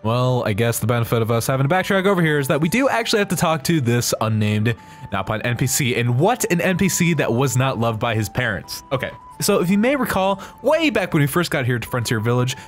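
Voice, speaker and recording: A man hosting a let's play, giving excitable, jokey game commentary. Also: medium pitch, brisk, soft background music.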